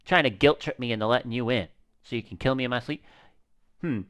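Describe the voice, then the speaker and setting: A man giving casual gaming commentary, animated and slangy, swearing and talking to his viewers. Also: medium pitch, fast, smooth. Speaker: gaming streamer.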